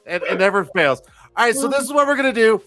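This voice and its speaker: A man's voice: sits high, sing-song, fast talker, bright, forceful tone, soft background music. A man in his forties hosting a live stream, rambling and swearing freely in casual chat. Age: 40s. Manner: profane, rambling, self-mocking. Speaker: host.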